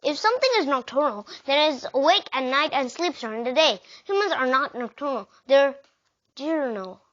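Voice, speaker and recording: A woman's voice: high-pitched, lively intonation, moderate pace, fairly bright tone. A woman doing an eager, brainy young boy. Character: young boy, smart eager know-it-all. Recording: dull lo-fi recording.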